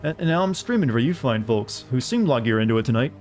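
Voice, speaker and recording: A man's voice: mid-range voice, big pitch swings, fast talker, darkish tone, soft background music. A young man from the southern United States, a streamer chatting casually and rambling as he plays, swearing now and then. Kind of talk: casual chat while gaming.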